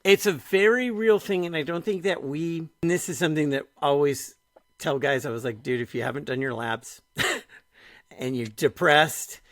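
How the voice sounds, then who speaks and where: A middle-aged man hosting a podcast, chatting casually and retelling conversations in an animated way, full of "like". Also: a little high, moderate pace, no room sound, studio quality. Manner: animated storyteller, retells dialogue, frequent "like". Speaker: podcast host.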